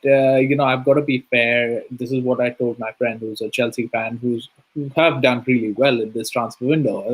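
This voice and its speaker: Guy calling into a fan podcast on video, measured and a bit hesitant, lots of um and you know. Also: mid-range voice, rough recording. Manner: measured, hesitant with many fillers. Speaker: podcast panelist. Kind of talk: casual fan podcast chat. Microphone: video call.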